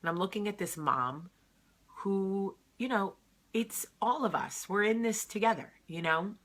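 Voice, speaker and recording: A woman's voice: mid-range voice, a little slow, a bit bright. A woman who is unwell, telling a personal story to camera in a casual, earnest, heartfelt way. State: sick. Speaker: vlog host.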